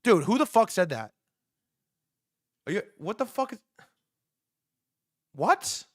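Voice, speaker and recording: A man hosting a live stream, reacting to news in excitable, profane commentary and repeating words in rapid bursts. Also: high voice, dry recording, clean studio sound. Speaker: livestream host.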